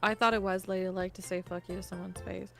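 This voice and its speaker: A woman from Canada chatting casually on a livestream, giggly and animated, swearing freely. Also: medium pitch, fast talker, vocal fry, soft background music. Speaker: streamer. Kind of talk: casual chat.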